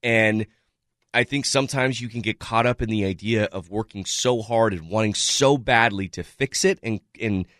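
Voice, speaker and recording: A man with a fairly low voice breaks down football on a sports talk radio show. He rambles, restarts his sentences and leans on "you know" and "I mean". The sound is dry and close to the mic. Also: normal speed, fairly bright tone, dry recording.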